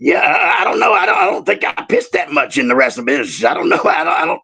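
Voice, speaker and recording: Middle-aged ex-wrestler guest, gravelly and animated, bright edge, profane storyteller. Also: male voice, on the high side, fast talker. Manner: animated, profane, laughs loudly. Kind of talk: casual storytelling chat.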